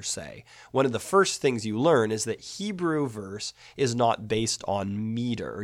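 Gravelly man explaining, dry close sound. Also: on the low side, no echo. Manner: patient, methodical, explaining step by step. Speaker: teacher of biblical poetry. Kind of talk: explanatory lecture.

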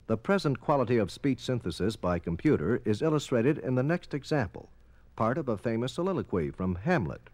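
A man's voice: mid-range voice, very animated, brisk, darkish tone, dry recording. A man giving formal, explanatory scripted narration for an educational film.

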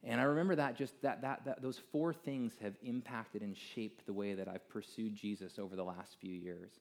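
A middle-aged American man telling a personal story to an audience in a casual, animated way, full of fillers and asides. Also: lowish voice, moderate pace, gravelly. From United States.

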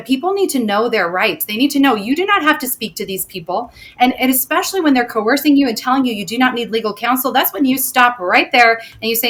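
A woman speaking as a guest on a talk show, talking emphatically and getting loud at times. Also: a little high, lively intonation, quick pace, hardly any pauses. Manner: emphatic, gets loud when retelling confrontations. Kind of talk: casual chat.

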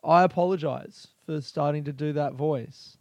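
A man's voice: on the high side, moderate pace, no echo, highs cut off. An Australian man hosting a casual solo podcast from a small bedroom, rambling, swearing freely and laughing often. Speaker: podcast host.

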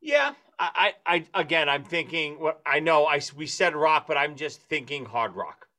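Bright-voiced laughing man. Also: fairly high pitch, expressive, normal speed. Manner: laughing, enthusiastic. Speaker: podcast co-host, music teacher. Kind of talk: casual chat.

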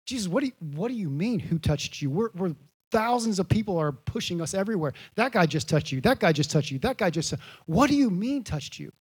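A baffled, incredulous disciple protests in disbelief, as a high-voiced preacher acts him out. The voice stays light and quick. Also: male voice, very animated, slightly rough, full character voice. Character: baffled male disciples in a crowd.

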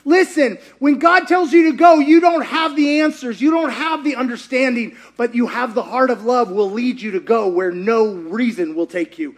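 A man preaching a sermon, retelling a story with animated delivery, acting out quotes and laughing often. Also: very high-pitched, normal speed, hardly any pauses.

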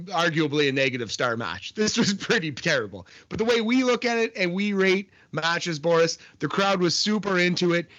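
A man with a bright, slightly high voice trades casual opinions on a wrestling show. He laughs often and restarts his sentences. His talk is loose and friendly. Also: lo-fi sound. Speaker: podcast co-host. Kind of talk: casual wrestling review chat.

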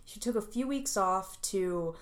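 A woman's voice: medium pitch, a little slow. Woman cohost chatting casually, laughs a lot, rambles a bit. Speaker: podcast co-host. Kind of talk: casual chat.

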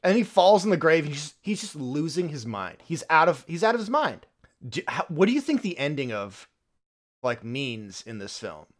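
Dude on a podcast, super animated, keeps doing the characters' lines and cussing a bunch. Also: male voice, a little high, moderate pace. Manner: animated storyteller, acts out characters' lines, swears freely. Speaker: podcast co-host. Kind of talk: casual film review chat.

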